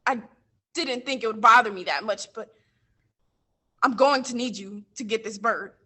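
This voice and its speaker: A woman playing a blunt middle-aged man who runs a coastal mission, telling his story on stage and getting heated and loud. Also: a little high, normal speed, breathy edge. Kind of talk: stage monologue from interviews.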